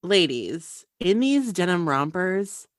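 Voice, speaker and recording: A woman co-hosting a casual podcast, animated and playful, exaggerating for laughs. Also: on the low side, slow pace, no room sound, clean studio sound. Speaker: podcast co-host. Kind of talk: casual chat.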